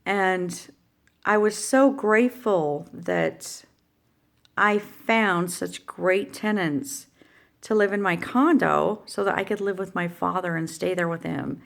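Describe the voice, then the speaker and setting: A woman's voice: lowish voice, slow, gravelly. A middle-aged woman telling a heartfelt personal story in a vlog, rambling and emotional, with many fillers and restarts. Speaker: vlogger.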